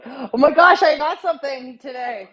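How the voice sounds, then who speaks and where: A woman's voice: sits high, normal speed, highs cut off, a crowd in the background. A woman from Canada co-hosting a podcast, bubbly, giggly and enthusiastic. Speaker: podcast co-host. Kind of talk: casual chat.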